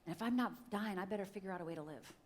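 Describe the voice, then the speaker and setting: A woman's voice: medium pitch, racing. A middle-aged woman from Upper Michigan giving a personal testimony talk at a church, speaking straight to the audience and acting out the voices in her story. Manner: dramatic storytelling, acts out quotes, addresses audience directly. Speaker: guest speaker. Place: church stage.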